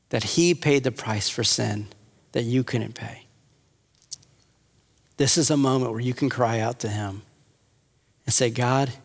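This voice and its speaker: A man preaching an earnest sermon as a pastor, rising at times to impassioned appeals. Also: medium pitch. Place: church hall with audience. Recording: long hall reverb.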